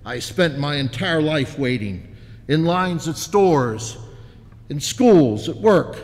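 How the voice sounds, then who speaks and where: A man's voice: fairly high pitch, expressive, takes it slowly. A man voicing an indignant, impatient woman complaining about waiting in line, in a sermon story with long church reverb.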